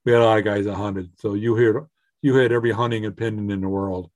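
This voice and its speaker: A man's voice: lowish voice, fairly even intonation, fast, darkish tone, dry recording. A retired older man from upstate New York, a podcast guest, telling hunting stories in a rambling way with many fillers. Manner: rambling, frequent fillers and restarts. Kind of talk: casual storytelling.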